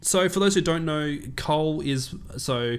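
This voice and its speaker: A man's voice: fairly high pitch, unhurried, clean tone. A man co-hosting a casual podcast, teasing his friends and laughing often. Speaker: podcast co-host. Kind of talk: casual chat.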